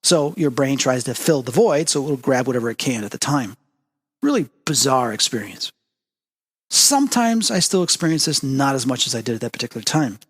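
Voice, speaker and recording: A man's voice: fairly quick, slightly rough, big-room sound. A man hosting a spiritual talk show, telling a personal story and acting out the dialogue with big jumps in voice. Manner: animated storytelling, acts out quoted dialogue with big pitch jumps. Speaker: host. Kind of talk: storytelling monologue.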